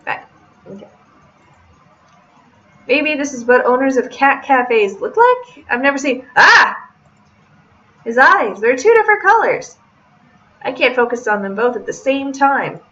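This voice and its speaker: A woman's voice: high voice, big pitch swings, measured pace, long pauses, sharp tone, muffled recording. A young woman reading a visual novel aloud and adding chatty, joking asides as a let's-play host.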